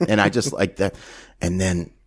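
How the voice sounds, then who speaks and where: A man's voice: low voice, moderate pace. A man in his thirties hosting a casual movie podcast, retelling scenes with acted-out voices. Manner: animated retelling, acts out lines in voices. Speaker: podcast host. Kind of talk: casual movie recap chat.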